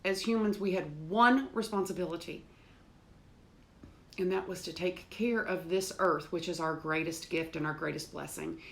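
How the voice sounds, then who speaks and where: A woman's voice: on the low side, normal speed, vocal fry. A woman hosting a home livestream, chatting with viewers by name, laughing easily and breaking into hymns. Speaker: host of a home cooking livestream. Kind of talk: casual livestream chat with singing. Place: home with doors open.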